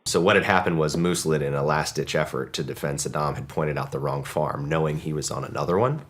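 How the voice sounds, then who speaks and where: A man giving an interview, recounting events in a measured way with frequent "uh" and "um". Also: rumbling low, a bit bright, a little hiss or hum. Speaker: interview guest, former special operator. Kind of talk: casual storytelling.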